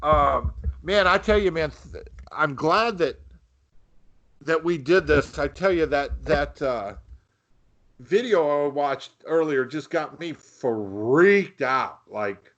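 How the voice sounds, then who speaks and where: A man with a fairly high voice in casual late-night chat, tripping over and repeating his words before he finds his point. His call comes through dull and lo-fi. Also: lively intonation, a bit bright. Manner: halting, repeats words often. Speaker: podcast co-host. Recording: dull lo-fi sound.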